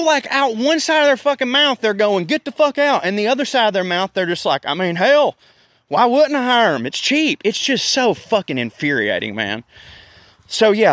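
A man's voice: fairly high pitch, a bit bright, no room sound, studio quality. A man, ranting casually and profanely as a host, and putting on voices for the people he quotes. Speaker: podcast host. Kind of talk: casual rant.

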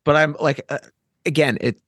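A man's voice: fairly high pitch, fairly even intonation, moderate pace, fairly bright tone, breathy edge, no echo, studio quality. A man hosting a podcast as a fellow comic artist, talking emphatically and bluntly, with frequent swearing. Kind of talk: casual podcast chat.

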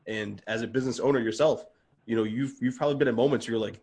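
A man's voice: medium pitch, quick pace, darkish tone, slightly rough. A man talking as a podcast guest in casual conversation, earnest and open, often restarting his sentences and getting worked up as he goes.

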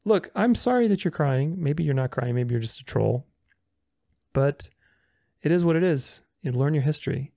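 A man's voice: fairly high pitch, animated, moderate pace, gravelly, warm tone. A man giving casual video commentary, reading viewer comments aloud and rebutting them in a sarcastic, argumentative way. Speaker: religious commentator responding to comments.

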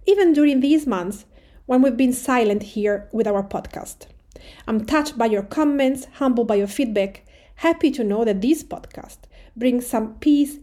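A Tuscan-born woman with an Italian accent, a native Italian speaker, hosting her podcast and talking to listeners in a calm, conversational, measured way. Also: on the high side. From Tuscany, Italy. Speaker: podcast host and food writer. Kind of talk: personal podcast address.

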